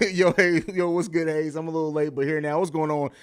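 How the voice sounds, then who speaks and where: High-voiced casual man hosting a stream. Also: fairly even intonation, fairly quick, clear, resonant tone. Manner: loose and profane, laughs often, reads viewer chat aloud. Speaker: podcast host. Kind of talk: casual live-stream chat.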